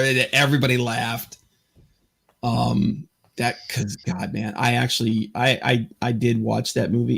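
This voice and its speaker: Male podcast host, middle pitch, casual, rambling, stammers and restarts. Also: little pitch movement, measured pace, gravelly, a bit bright, breathy edge. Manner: rambling, stammering, lots of fillers. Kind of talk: casual chat.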